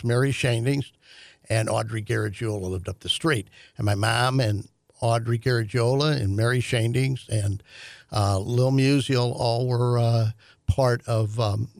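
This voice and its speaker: An older man, telling a family story in a halting way with many fillers and restarts. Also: mid-range voice, dry recording, clean studio sound. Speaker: guest, host's father. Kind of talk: conversational storytelling.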